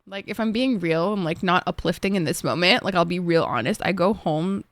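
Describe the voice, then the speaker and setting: A woman's voice: fairly low pitch, a little fast, no echo, studio quality. Chatty young woman with an Egyptian accent. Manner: chatty, animated, laughs easily, bursts into song. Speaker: streamer. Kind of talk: casual chat with viewers.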